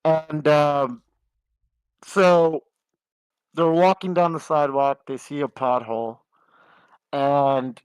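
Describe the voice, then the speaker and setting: Higher-voiced man telling a rambling joke. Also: clean tone, no echo, rough recording. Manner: rambling storyteller with filler words. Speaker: podcast co-host.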